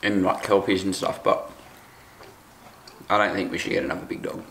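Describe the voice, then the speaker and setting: Laid-back young Australian husband, very low with gravelly fry, echoey room. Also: male voice, level tone, moderate pace, fairly bright tone. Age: young adult. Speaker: husband guest. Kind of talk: casual chat. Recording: echoey room with faint noise.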